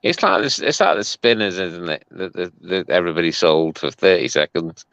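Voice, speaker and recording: A man's voice: low-pitched, lively intonation, a little fast, vocal fry, a bit bright, no room sound. A young man co-hosting a casual late-night livestream, chatting with dry, crude jokes. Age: young adult. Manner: dry, crude jokey asides. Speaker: regular co-host. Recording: dull, dry lo-fi stream audio.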